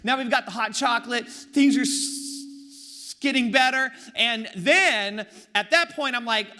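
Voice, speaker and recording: A young man from Oakland telling a funny personal story in a sermon, animated and self-mocking with sarcastic asides. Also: extremely high pitch, unhurried. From East Bay of San Francisco, Oakland. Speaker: pastor.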